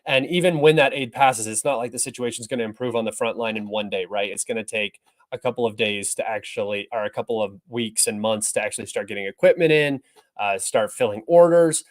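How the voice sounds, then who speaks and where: A young man hosts a livestream of casual news commentary, his lowish voice moving a little fast. He talks through articles in an offhand, rambling, opinionated way.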